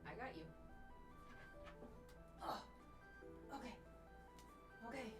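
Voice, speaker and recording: A woman's voice: fairly low pitch, moderate pace, pauses often, over music. A woman streaming from her desk at home, chatting casually, swearing freely and coaxing her cat aloud. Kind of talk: casual live-stream chat. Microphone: desk microphone.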